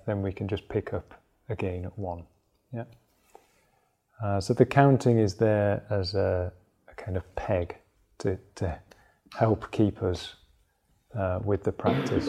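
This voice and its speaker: A man with a lowish voice and vocal fry teaches a meditation class. He explains the practice in a relaxed way, as if thinking aloud.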